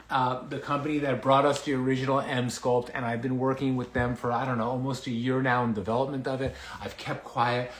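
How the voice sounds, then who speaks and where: Doctor guy chatting live from his basement, excitable and rambly, mid pitch, bit out of breath, roomy echo. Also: a little fast, few pauses. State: a little out of breath. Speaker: dermatologist hosting a livestream. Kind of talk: casual livestream chat. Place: home basement. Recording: echoey room.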